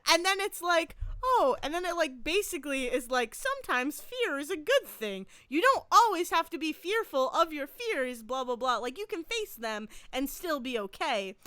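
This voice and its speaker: Podcast lady telling a story, lots of laughs, swoopy pitch. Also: moderate pace, hardly any pauses, dry recording, studio quality. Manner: animated storytelling, laughs often. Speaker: podcast co-host. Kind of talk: casual chat. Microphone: podcast mic.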